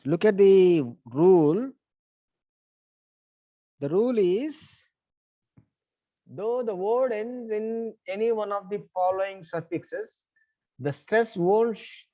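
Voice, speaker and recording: A man's voice: high-pitched, slow, pauses often, dark tone, no echo. A man with an Indian English accent teaching an online English class, patiently repeating points and spelling words out letter by letter. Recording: dull lo-fi sound.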